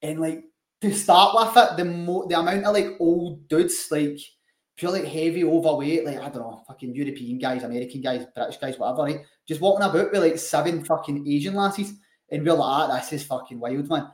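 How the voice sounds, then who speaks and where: A man's voice: on the high side, a little fast. A young man telling a rowdy story with lots of swearing and laughter, as a podcast co-host in casual chat. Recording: echoey room.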